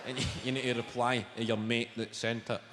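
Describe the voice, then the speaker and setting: A man's voice: mid-range voice, level tone, normal speed, heavy background noise. A young Scottish man performing a brash, sweary stand-up routine, telling stories on a theatre stage into a handheld mic. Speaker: stand-up comedian. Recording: roomy venue, loud audience laughter.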